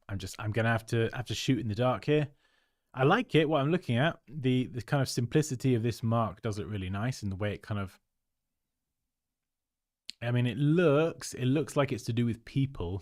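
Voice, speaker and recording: A man's voice: mid-range voice, normal speed, a little mellow, no room sound, clean studio sound. A man hosts a livestream, giving chatty, upbeat feedback on viewers' design work and laughing often. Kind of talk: casual livestream commentary.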